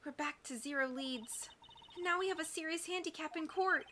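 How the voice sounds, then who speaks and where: An earnest young male defense lawyer, read by a woman, speaks in a pleading way. The voice is high and bright. It comes across as a video game character read aloud. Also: moderate pace, slight background noise.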